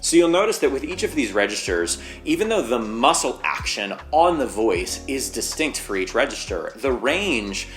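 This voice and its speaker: A man's voice: medium pitch, very animated, normal speed, few pauses, music in the background. A man teaching singing, explaining vocal anatomy step by step and leaning on the word "basically".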